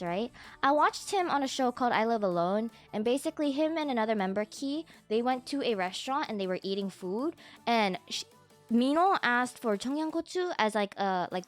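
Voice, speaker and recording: A woman streamer chats casually with her viewers in a bright, high voice. She is animated and excitable and swears without a second thought. Quiet music plays in the background. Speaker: livestreamer. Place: home streaming setup.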